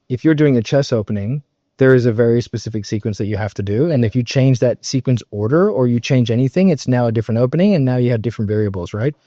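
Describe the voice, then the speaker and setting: A man's voice: medium pitch, a little mellow, no room sound. A man with a mid-range voice coaches on sales in a loose, emphatic way, peppering his talk with fillers, the odd curse and constant "right?" checks. The recording is dry and a little dull, with no room sound. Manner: emphatic, loose, swears, many fillers and tag questions. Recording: dull, slightly muffled recording.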